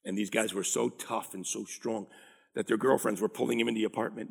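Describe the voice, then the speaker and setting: A middle-aged man preaching a sermon, animated and drawing call-and-response from the congregation. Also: on the low side, a little fast, creaky. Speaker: pastor.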